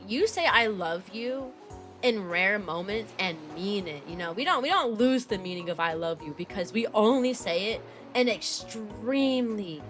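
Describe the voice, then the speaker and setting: A young woman talks in a casual, rambling way, full of fillers and restarts. Her voice is bright and clear, and it leaps upward now and then. Soft music plays faintly in the background. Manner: rambling, filler-heavy storytelling with sudden high-pitched jumps. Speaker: VTuber streamer and kindergarten teacher. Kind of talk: casual chat stream.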